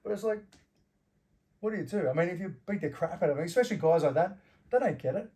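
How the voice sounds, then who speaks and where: Aussie guy, middle-aged, a bit high voiced, cussing, acting out old fights. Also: lively intonation, very fast, dark tone. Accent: Australian. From Australia. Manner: swears freely, acts out quarrels in anecdotes. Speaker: guest, former fighter and bouncer. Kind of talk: casual storytelling interview.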